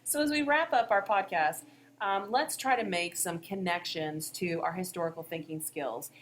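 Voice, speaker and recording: A woman's voice: on the low side, moderate pace, slight background noise. A woman co-hosting a history podcast, explaining events in a conversational way. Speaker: history teacher, podcast co-host. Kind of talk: educational podcast discussion.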